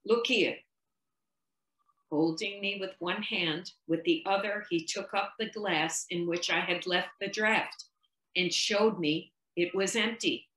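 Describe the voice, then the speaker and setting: A woman reading a nineteenth-century short story aloud, measured and expressive. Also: lowish voice, roomy sound, poor audio. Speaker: reader.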